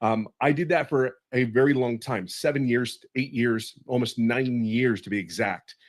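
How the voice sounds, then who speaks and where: A man's voice: mid-range voice, normal speed. Fifties man, emotional webinar testimonial, urgent and sincere, repeats key phrases. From California. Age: 50s. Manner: earnest, pleading, repeats phrases for emphasis.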